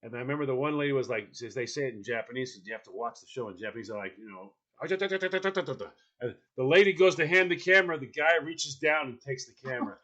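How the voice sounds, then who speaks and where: A man chatting casually and telling a funny story, acting out the people in it with lively energy. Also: medium pitch, quick pace, few pauses, dull audio. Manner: animated, acts out people in his stories.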